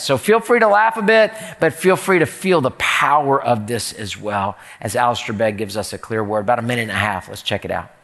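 A man's voice: mid-range voice, a little fast, hardly any pauses, a bit bright. A man preaching a sermon, building his points through repeated rhetorical questions. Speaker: pastor. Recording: long reverb in a large hall.

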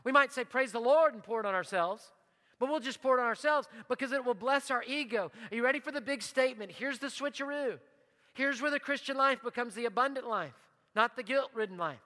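A man preaching a sermon as pastor, emphatic, leading the congregation in repeated phrases and dropping to a hushed voice in prayer. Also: extremely high pitch, fairly quick. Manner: leads call-and-response repetition. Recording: long hall reverb.

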